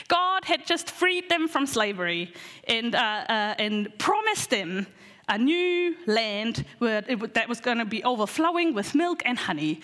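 A woman giving a casual Bible talk to her church, chatty and animated, with lots of fillers and restarts. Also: high voice, in a large hall. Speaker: preacher teaching a Bible lesson.

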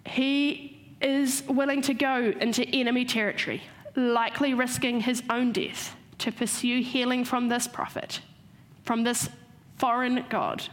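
A woman giving a sermon, retelling a story and slowing down to stress key points. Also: a little high, level tone. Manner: storytelling, slows for emphasis. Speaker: preacher.

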